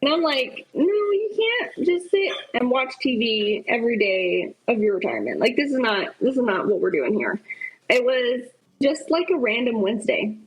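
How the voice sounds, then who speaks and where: Husky high-voiced woman telling stories. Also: normal speed, low-quality recording. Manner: animated, acts out quoted dialogue. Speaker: podcast guest. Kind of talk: anecdotal storytelling. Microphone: remote podcast call.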